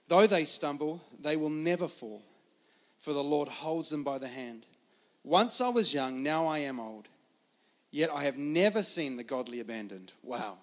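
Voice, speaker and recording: An Australian-accented pastor preaches a sermon full of stories, told in a casual, chatty manner with lots of fillers. His voice is a little high, with lively intonation and a measured pace.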